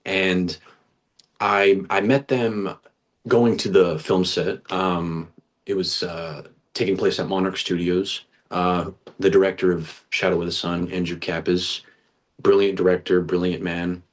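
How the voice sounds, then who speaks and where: A young man with a very low voice tells his acting story in a relaxed interview. He is chatty and earnest, restarts his sentences often and drops casual slang. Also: measured pace. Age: young adult. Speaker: guest, actor.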